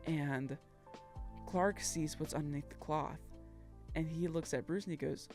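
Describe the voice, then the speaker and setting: A woman's voice: deep voice, steady tone, measured pace, music in the background. A woman co-hosting a podcast, recapping a game story in casual chat, acting out the characters' lines and laughing often. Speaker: podcast co-host.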